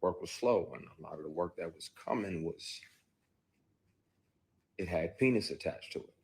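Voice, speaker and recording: This man's low, creaky voice has a darkish, slightly rough tone and moves at normal speed. Being interviewed, he recounts his story in a forceful, profane way, punctuated by acted-out outbursts.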